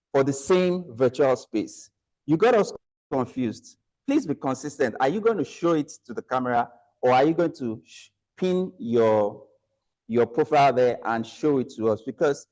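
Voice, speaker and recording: Delivering his evaluation of a club meeting from behind a lectern, this man has a medium-pitched voice with a darkish tone. He points out speakers' mistakes by posing rhetorical questions.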